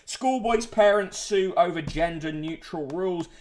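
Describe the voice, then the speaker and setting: Man, slightly high voice, sardonic, casual livestream, headline reading, fillers and swearing. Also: a little slow, darkish tone. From United Kingdom. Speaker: host reading newspapers and chat comments.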